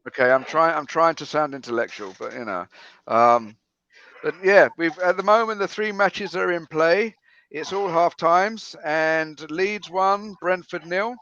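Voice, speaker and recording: Halting man hosting a fan chat. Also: on the high side, a bit bright, highs cut off. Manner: halting, many fillers and restarts. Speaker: podcast host. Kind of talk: casual football fan chat, reading match stats.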